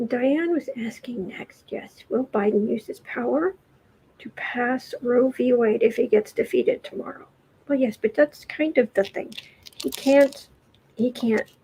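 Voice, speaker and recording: A woman's voice: sits high, vocal fry, a little mellow, breathy edge, poor audio. A woman reading political tarot cards on a livestream, talking in a rambling, hesitant way, with frequent ums and restarts, and addressing viewers directly. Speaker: tarot reader.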